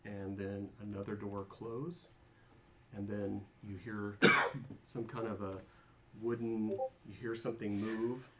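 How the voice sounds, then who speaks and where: A man acting as game master narrates a tabletop game, describing scenes with lots of fillers and restarts. His voice is fairly low and slow, with a flat delivery and a bright, forceful tone. Slight background noise can be heard.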